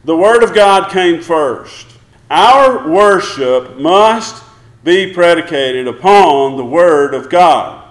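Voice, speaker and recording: High-voiced preacher in an echoey room. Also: male voice, animated, takes it slowly. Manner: emphatic preaching with rhetorical questions. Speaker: pastor. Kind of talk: sermon. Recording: roomy echo.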